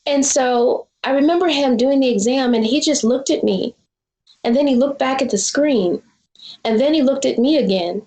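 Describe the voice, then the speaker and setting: A woman's voice: high-pitched, normal speed, warm tone, roomy sound, poor audio. A woman in her forties, a filmmaker being interviewed, telling a personal story in an earnest, reflective way. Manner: earnest, reflective, acts out quoted dialogue. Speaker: guest filmmaker.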